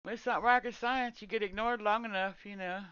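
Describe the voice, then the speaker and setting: A woman's voice: medium pitch, steady tone, normal speed, a bit bright, clear, resonant tone, no room sound, dull audio. A woman streamer in casual chat, venting and swearing with frequent laughs. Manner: venting, profane, laughs a lot. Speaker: game streamer.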